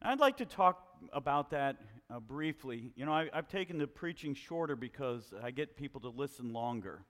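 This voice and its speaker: A man preaching a sermon to his congregation, questioning them in an animated way. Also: mid-range voice, moderate pace, hardly any pauses, long reverb tail. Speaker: pastor. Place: church hall with a congregation.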